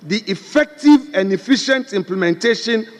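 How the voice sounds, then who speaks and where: A man's voice: high-pitched, animated, moderate pace. A man, the minority leader, pressing a question insistently during a parliamentary debate. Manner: insistent, repeats his challenge. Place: large parliament chamber. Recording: long reverb of a large chamber.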